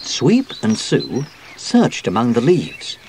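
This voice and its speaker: A man reading a children's storybook aloud, with a slow, expressive delivery. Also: medium pitch, slight background noise. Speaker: audiobook narrator.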